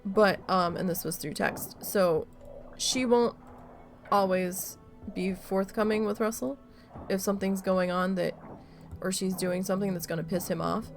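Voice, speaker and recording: Gravelly-voiced woman venting on a stream. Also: medium pitch, fairly even intonation, measured pace, soft background music. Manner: exasperated storytelling with frequent swearing. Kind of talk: casual chat during a live gameplay stream.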